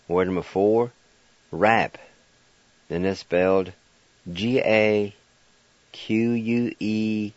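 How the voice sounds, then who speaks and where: In a low, unhurried and very patient voice, a male language teacher hosts a radio lesson, spelling words out letter by letter and repeating each syllable. The dry, slightly dull recording sounds like an old broadcast.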